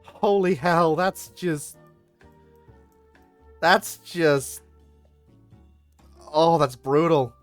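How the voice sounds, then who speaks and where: Excitable streamer, slow-spoken. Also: mid-range voice, faint music behind. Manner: excitable, bursts into loud exclamations. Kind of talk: live strategy game commentary.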